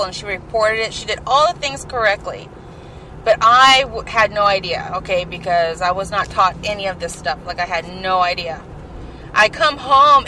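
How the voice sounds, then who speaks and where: A woman's voice: mid-range voice, pushed and bright, rough recording. A woman telling rambling personal stories in a chatty way, full of "like" and "um", while she drives. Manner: chatty, filler-heavy with frequent "like" and "um". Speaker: podcast host. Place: inside a moving car. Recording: car road noise behind voice. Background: car and traffic noise.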